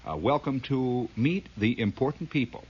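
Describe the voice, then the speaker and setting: A man voicing a bland, well-scrubbed TV host who speaks in smooth, hollow announcer patter. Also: medium pitch, very animated, normal speed, darkish tone. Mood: pompous. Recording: dull lo-fi old recording.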